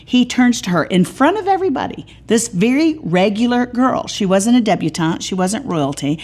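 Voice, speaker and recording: A middle-aged woman teaching a Bible study in a folksy, animated way, acting out quoted voices. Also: mid-range voice, moderate pace. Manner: animated, folksy, acts out voices when quoting.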